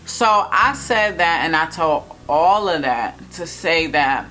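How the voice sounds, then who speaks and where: A young woman in a casual storytime vlog, talking straight to viewers in an animated, emphatic way. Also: low voice, takes it slowly, slight background noise. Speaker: vlogger telling a personal story.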